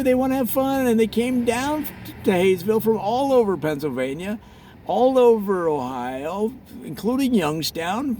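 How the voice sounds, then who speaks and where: Lively high-voiced man spinning tall tales. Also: a little hiss or hum. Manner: animated tall-tale storytelling. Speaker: comedic tour host. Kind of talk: deadpan parody travelogue.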